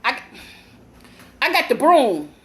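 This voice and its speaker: Loud frantic woman yelling at home. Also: sits high, big pitch swings, slow pace, reverberant. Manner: loud, laughing, cursing, frantic. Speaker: vlogger. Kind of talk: panicked live vlog to viewers. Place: home indoors.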